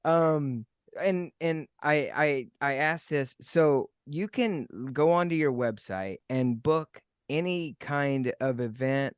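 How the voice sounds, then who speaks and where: A man's voice: on the high side, slow pace, clear, resonant tone, no room sound, studio quality. A man co-hosting a casual chat, joking around and restarting his sentences often. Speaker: podcast co-host.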